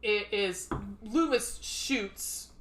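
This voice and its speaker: A woman's voice: mid-range voice, very slow, a bit bright. A woman co-hosting a podcast, chatting casually and retelling a movie plot with lots of swearing and fillers. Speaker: podcast co-host. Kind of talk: casual chat.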